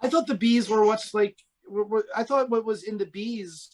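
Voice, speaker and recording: A man's voice: high voice, normal speed. A man with a Baltimore accent, co-hosting a comedy podcast in a rambling, jokey way. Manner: rambling, jokey, full of "like" and restarts. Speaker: podcast co-host. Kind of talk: casual comedic chat.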